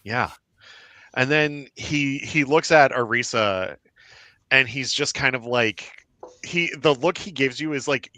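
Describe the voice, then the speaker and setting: A man's voice: mid-range voice, takes it slowly, pushed and bright, no room sound. A man narrating a tabletop game as game master, rambling with many fillers and frequent laughs.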